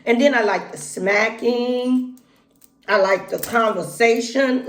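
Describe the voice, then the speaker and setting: Folksy woman chatting while eating. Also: on the high side. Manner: chatty, folksy, talks between bites with pauses. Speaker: vlogger. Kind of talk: casual mukbang vlog, talking while eating. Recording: echoey room.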